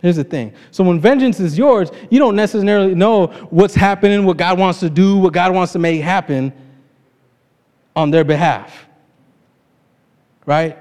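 A man's voice: high-pitched, moderate pace, long pauses, a little mellow. A man preaching an informal sermon, retelling a scripture story in his own casual words, with frequent laughs. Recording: long reverb of a large hall.

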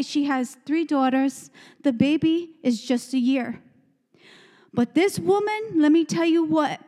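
High-voiced woman preaching with fervor in a hall. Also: darkish tone. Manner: fervent, call-and-response, repetitive emphatic phrases. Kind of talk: sermon. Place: church sanctuary. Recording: long church hall reverb.

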